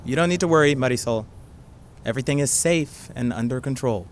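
A woman voicing a defensive, soft-spoken adult caretaker who is trying hard. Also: very deep voice, fairly quick, heavy background noise.

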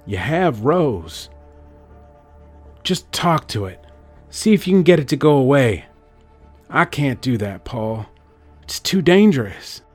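A man's voice: mid-range voice, very animated, slow, pauses often, soft background music, voice pushed up. A man voicing a guarded, sympathetic Southern woman psychic with a warbling Southern accent. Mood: firm. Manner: warbling, pleading then sharply defensive.

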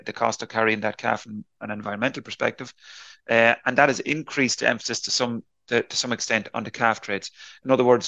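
A man answering interview questions on a podcast, explaining at length in a halting way with frequent restarts and fillers. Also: mid-range voice, sharp tone, dry recording, highs cut off. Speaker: beef enterprise leader answering interview questions.

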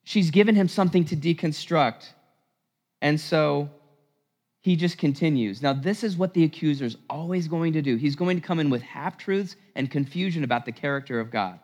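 A man preaching a sermon in a church, animated and emphatic, with rhetorical questions. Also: on the high side, normal speed. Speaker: priest preaching. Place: church sanctuary. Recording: long church reverb.

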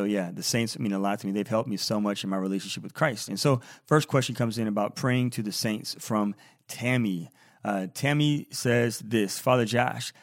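A man's voice: on the low side, creaky, no room sound, studio quality. A man who is a Catholic priest, hosting a podcast in a casual, rambling way, reading out listener feedback with lots of fillers and repeated words.

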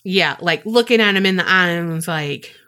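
A woman co-hosting a podcast, telling a story in casual chat, animated and swearing freely. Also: on the low side, normal speed. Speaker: podcast co-host.

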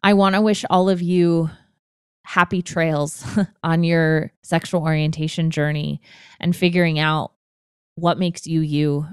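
Speaking in a low-sitting, clear, resonant voice, a woman in her twenties hosts a podcast and relates a personal story with earnest openness and occasional emotion. Her delivery is flat and unhurried, and the studio-quality recording has no room sound.

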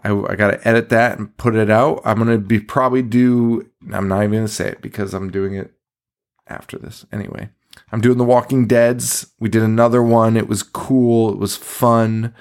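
A man's voice: lowish voice, steady tone, normal speed. A man co-hosting a horror podcast in casual chat, tired and rambling, swearing often and laughing between sentences. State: tired, yawning. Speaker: podcast co-host.

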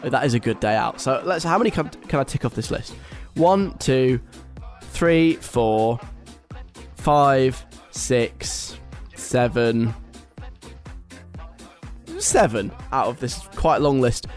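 A man's voice: medium pitch, slow pace, long pauses, soft background music. A young British man hosting a radio show, reading a list aloud and mocking it in a chatty, wry way. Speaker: radio host. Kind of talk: casual radio talk.

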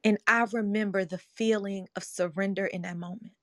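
A woman leads an online audio room, talking with passionate, teary earnestness. Her voice sits at a middle pitch and comes through dry, with no room around it. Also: fairly even intonation, moderate pace, fairly bright tone, dry recording. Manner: emotional, earnest storytelling, teary. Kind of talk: passionate motivational talk.

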